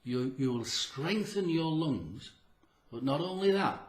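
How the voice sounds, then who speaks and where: A man's voice: on the high side, animated, takes it slowly, echoey room. A man giving an earnest, emphatic motivational talk to camera about his health, repeating key phrases and sounding short of breath. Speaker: health vlogger.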